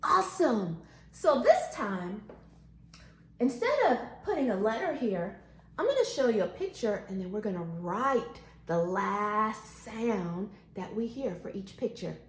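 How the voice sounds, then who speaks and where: A woman teaching a phonics lesson to young children, animated and sing-song, stretching words out slowly. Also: mid-range voice, roomy sound. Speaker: kindergarten teacher.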